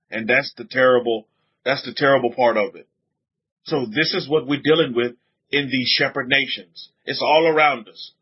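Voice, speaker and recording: On a livestream, a rabbi preaches emphatically, reading chat comments aloud and repeating his points, his pitch swinging often. His voice is steady and slightly rough at a moderate pace, and the audio is dull and lo-fi.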